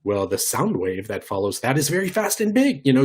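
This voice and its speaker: A man giving an online workshop lesson in a lively, conversational way, often demonstrating voice shifts. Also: medium pitch, brisk, husky. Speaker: workshop presenter.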